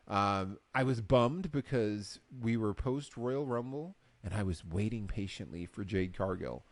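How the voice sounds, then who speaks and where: Animated man recapping with a co-host. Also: fairly low pitch, moderate pace, few pauses, dry recording. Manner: animated storyteller, acts out quotes. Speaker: podcast co-host. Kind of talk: casual chat.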